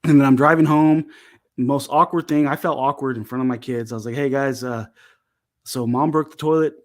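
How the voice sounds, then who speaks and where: A middle-aged man telling a long, profane family story in a casual chat, animated and laughing. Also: mid-range voice, fairly quick. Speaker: co-host.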